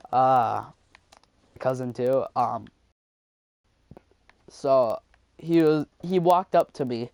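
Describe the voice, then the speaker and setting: Slow, rambling, swearing young guy. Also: mid-range voice, a little mellow, smooth, no room sound. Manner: rambling, heavy swearing, many fillers. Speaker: student telling a school story. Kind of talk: casual storytime vlog.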